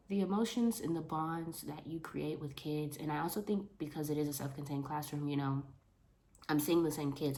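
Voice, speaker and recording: Animated woman with a low voice. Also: slight background noise. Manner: animated, talks with her hands. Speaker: vlogger, school paraprofessional. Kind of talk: casual vlog chat to camera.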